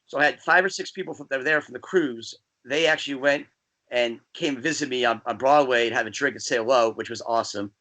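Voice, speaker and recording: A man from New Jersey, a guest DJ, chatting casually and telling rambling, animated stories. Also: mid-range voice, fast. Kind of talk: casual podcast chat.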